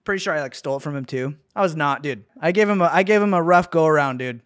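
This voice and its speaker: A young man giving casual reaction commentary on memes, excitable and slangy, calling everyone dude. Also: fairly high pitch, fast talker.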